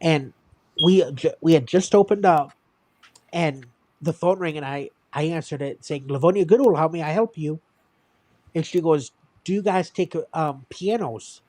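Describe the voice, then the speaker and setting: A man's voice: on the high side, no echo. A man, hosting a livestream and casually telling stories from his old retail job, acting out what customers and coworkers said. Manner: animated anecdote telling, acting out other people's lines. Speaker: streamer.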